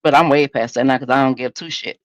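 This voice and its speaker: A woman's voice: rumbling low, steady tone, quick pace, dry recording, dull audio. A woman hosting a solo podcast in a candid, conversational, preachy way. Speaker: podcast host.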